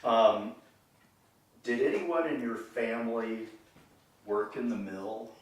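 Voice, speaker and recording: A man asking interview questions, hesitant and soft-spoken. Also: mid-range voice, animated, slow. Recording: distant mic in a very echoey room.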